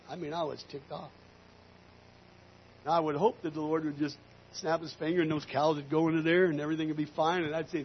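A man preaching a storytelling sermon in an animated way, rising into loud emphatic bursts. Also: on the high side, brisk, slightly rough. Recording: slightly muffled recording.

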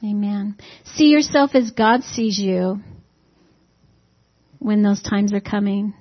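A woman's voice: mid-range voice, slow. A woman preaching a sermon in a conversational, folksy way, peppering it with rhetorical questions to the congregation and humorous asides. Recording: dull lo-fi recording.

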